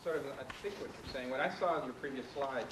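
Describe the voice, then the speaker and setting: A man's voice: medium pitch, a little fast. A man in the audience thinking aloud as he comments on the talk. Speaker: audience member. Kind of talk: question from the floor. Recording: echoey room with background noise.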